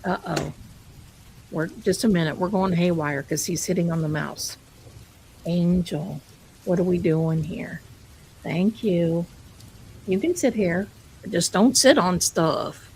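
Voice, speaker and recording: A woman's voice: on the low side, slow pace, gravelly, pauses often, a little mellow, slight background noise, low-quality recording. A woman hosting a live stream, telling ghost stories in a chatty way and calling her viewers "my darling.". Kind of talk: casual live-stream storytelling.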